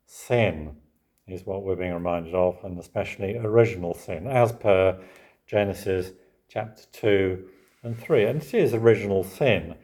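A man's voice: low-pitched, measured pace, a little mellow. An older man preaching a Bible sermon in a conversational way, often ending points with questions like "isn't it?". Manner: conversational, with rhetorical tag questions. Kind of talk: expository sermon.

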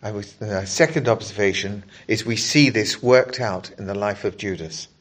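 A man preaching a sermon, explaining scripture in a measured, earnest way and reading passages aloud to the congregation. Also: lowish voice.

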